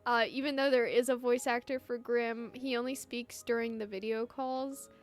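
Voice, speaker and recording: A woman's voice: on the high side, steady tone, normal speed. A young woman streaming a game live, bubbly and giggly, easily flustered. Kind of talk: live game playthrough, reading lines aloud.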